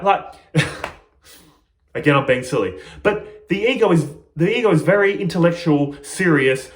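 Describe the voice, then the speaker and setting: Lively, laughing man in an echoey room. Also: fairly high pitch, measured pace. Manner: playful, often laughing at himself. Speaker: spiritual teacher. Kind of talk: reflective spiritual monologue.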